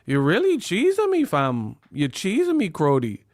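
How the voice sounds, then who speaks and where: A man voicing a grumbling young Toronto guy with a drawn-out, nasal teasing tone. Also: on the high side, huge pitch swings, darkish tone, no room sound, studio quality, heavily acted.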